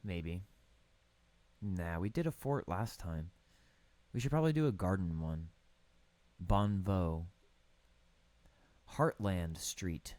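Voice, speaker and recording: A young man casually commentating over a building game, riffing deadpan puns on place names. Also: deep voice, takes it slowly, long pauses, dry recording. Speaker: gaming streamer.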